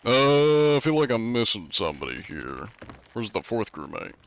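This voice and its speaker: A mock-formal male inspector, played by a man, questioning people with stiff courtesy in an in-game role-play. His voice sits low, and faint noise hums behind him. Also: sing-song, moderate pace, vocal fry. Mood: politely probing. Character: formal male anti-cheat inspector, polite cheater hunter.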